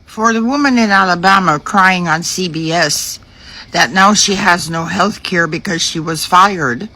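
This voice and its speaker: A woman lecturing scornfully in a social media rant, speaking deliberately. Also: medium pitch, a bit bright, rough recording.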